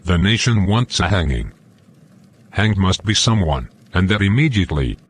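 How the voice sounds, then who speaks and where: A man plays a fussy, indecisive cartoon king who barks out orders. His voice is deep and swings widely in pitch, over a faint hiss of background noise. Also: big pitch swings, normal speed. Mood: commanding. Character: just but nervous, indecisive king.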